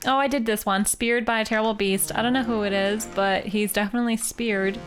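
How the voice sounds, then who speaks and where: A woman's voice: a little high, fairly even intonation, fairly quick, soft background music. A woman from Canada, a streamer, thinking aloud in casual, playful live game commentary.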